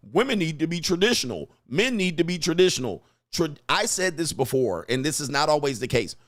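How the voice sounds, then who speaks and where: A man hosting a commentary vlog, talking in a profane, animated way and acting out quotes. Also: a little high. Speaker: host.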